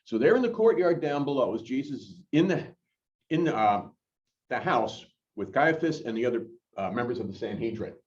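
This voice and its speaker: A male pastor teaches a Bible study to a live group in a church chapel. His voice rises and falls in an animated, conversational way, full of fillers. He sounds a bit far from the mic, and the sound is dull and muffled. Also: mid-range voice, normal speed. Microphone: corded mic, worn while moving about.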